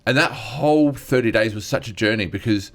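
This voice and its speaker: Earnest man, lowish voice. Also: fairly quick, a bit bright. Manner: earnest, rambling, acts out others' lines. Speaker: stand-up comedian and guest. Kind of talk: candid storytelling chat.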